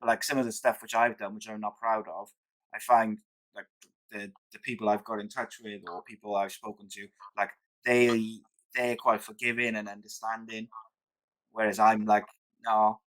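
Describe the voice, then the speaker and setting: A man hosting a podcast, working his way through questions in a hesitant, searching manner and often saying "mate". His voice sits on the lower side. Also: little pitch movement, normal speed, a bit bright, poor audio. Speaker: podcast host. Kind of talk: interview questions.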